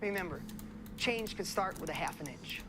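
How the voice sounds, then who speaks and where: A woman's voice: fairly low pitch, expressive, normal speed, a bit bright, a little hiss or hum. A woman giving a motivational seminar speech, preachy, repeating key phrases and asking the audience questions. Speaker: motivational speaker.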